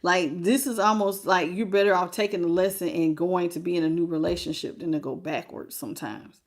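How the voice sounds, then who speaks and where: A woman's voice: on the low side, steady tone, a little fast. A woman hosting a live tarot reading. She talks frankly and folksily, greets viewers by name and calls them baby. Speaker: tarot reader.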